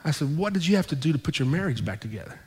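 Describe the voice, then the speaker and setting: A man with a fairly high voice preaches from the pulpit, retelling a story and voicing each person's lines as he goes. His words ring out through a church sanctuary with a long reverb tail. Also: rapid-fire, breathy edge. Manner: animated retelling with quoted dialogue. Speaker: pastor. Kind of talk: sermon storytelling.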